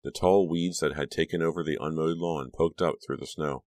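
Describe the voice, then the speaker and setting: Very deep male audiobook narrator. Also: steady tone, moderate pace, darkish tone, no echo.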